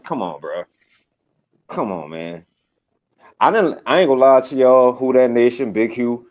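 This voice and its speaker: A man's voice: mid-range voice, expressive, a little slow. A man calling into a sports show, blunt, emphatic and slangy. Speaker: call-in guest. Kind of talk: casual sports opinion. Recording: dull lo-fi call audio.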